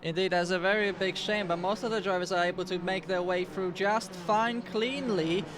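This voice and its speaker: High-voiced analytical man co-commentator. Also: normal speed, noisy background. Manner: steady analytical, opens turns with "indeed". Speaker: race co-commentator. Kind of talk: live sim racing commentary.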